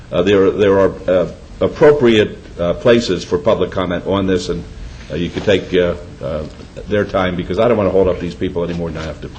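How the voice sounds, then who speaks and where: A man's voice: deep voice, darkish tone, slight background noise, rough recording. An older man, the mayor, chairing a city council meeting in a plain-spoken, folksy way. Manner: folksy, plain-spoken, uses homey sayings. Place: council chamber.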